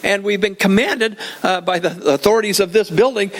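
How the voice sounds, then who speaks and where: A man's voice: sits high, moderate pace. An older man preaching a sermon in a church, conversational and joking, often repeating his phrases. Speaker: pastor.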